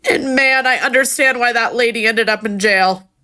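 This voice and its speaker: A woman's voice: on the high side, moderate pace, sharp tone. Exasperated young mother venting. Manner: bitter, exasperated. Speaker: new mother. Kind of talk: selfie video vent.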